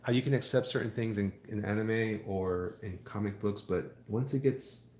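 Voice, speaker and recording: A man's voice: lowish voice, normal speed, darkish tone, reverberant, slight background noise. A man, a comic artist, chatting casually on a live stream while he draws, reading viewer comments aloud and joking around. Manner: rambling, jokey, reads chat aloud and riffs.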